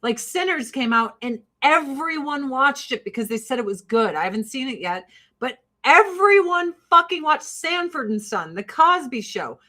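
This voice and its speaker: Animated, profane middle-aged woman chatting. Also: high-pitched, normal speed. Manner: rambling, profane, animated storytelling. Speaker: podcast host. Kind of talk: casual chat.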